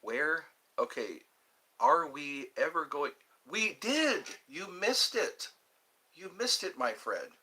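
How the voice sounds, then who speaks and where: A man hosting a casual livestream from home, rambling cheerfully between topics and answering viewer comments. His voice is bright and slightly high, and his pitch leaps around. He speaks slowly. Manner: chatty, rambling, animated, with pitch leaps when greeting viewers. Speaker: livestream host.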